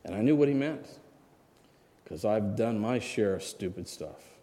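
A man in his sixties preaches in a mellow, low-pitched voice and tells a personal story as if chatting with his listeners. He keeps checking in with the congregation for an amen. His voice rings out with a long reverb, as in a church sanctuary. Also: lively intonation, unhurried. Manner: conversational, asks the congregation for amens. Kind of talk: sermon storytelling.

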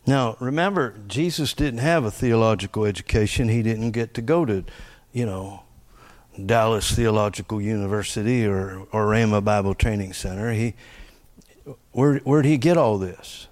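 A man preaching a conversational sermon in a folksy, joking way, laughing often and swinging from quiet asides to loud punchlines. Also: medium pitch, lively intonation, moderate pace.

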